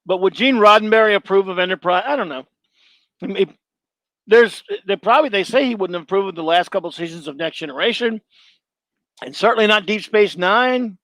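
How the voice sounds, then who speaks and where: Higher-voiced middle-aged man, blunt. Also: fairly quick, fairly bright tone, no echo. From Louisiana. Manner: blunt and opinionated, rambling with restarts. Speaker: show host. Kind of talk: casual live-show monologue, answering chat.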